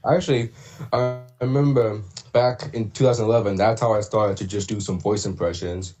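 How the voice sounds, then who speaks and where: A man chatting casually on a livestream about doing voice impressions, rambling with many fillers and throat clears. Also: lowish voice, steady tone, moderate pace, over music. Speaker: streamer and voice impressionist.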